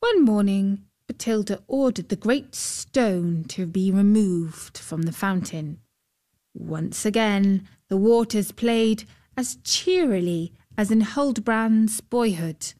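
A woman narrating a fairy tale in a gentle, expressive storybook style. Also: medium pitch, takes it slowly.

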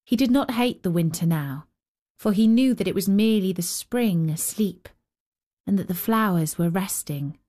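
A woman hosting and narrating a fairy tale with gentle, expressive storytelling. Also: mid-range voice, moderate pace. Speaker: storyteller and host.

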